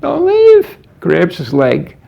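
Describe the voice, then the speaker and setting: A man's voice: sits high, wildly swooping pitch, takes it slowly, vocal fry, voice pushed up, exaggerated voice. A man voicing a crying six-year-old boy who pleads and wails for a parent, in a dull lo-fi recording. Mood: wailing. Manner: whining, wailing pleas.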